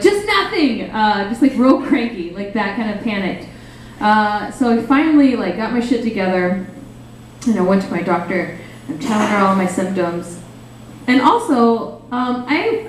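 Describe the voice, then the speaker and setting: Her medium-pitched, slightly mellow voice comes from a distance as this young woman performs stand-up in a small cafe. She rambles, mocks herself, and leans on fillers, and the very echoey room adds faint ambience and slight background noise.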